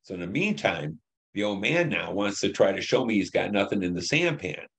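A man's voice: fairly low pitch, very animated, brisk, gravelly, fairly bright tone. A man in his seventies, a war veteran being interviewed, recounting his memories in a blunt, profane storytelling manner. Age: 70s.

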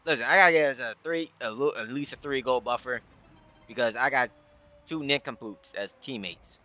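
In a dry recording, a man with a medium-pitched voice talks at normal speed. The gaming YouTuber offers playful Rocket League commentary, trash-talking and mock-scolding teammates as their pretend boss, with plenty of hype and yelling.

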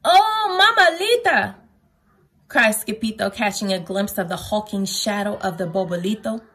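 A woman reading a children's picture book aloud at home, lively and playful, with a sing-song delivery. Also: medium pitch, normal speed, husky.

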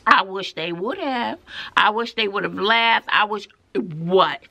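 A woman's voice: medium pitch, measured pace, vocal fry. A middle-aged woman, a schoolteacher, telling a story in a casual, sassy and emphatic way. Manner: animated, sassy, emphatic, tosses in "honey" and "child". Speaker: vlogger and schoolteacher.

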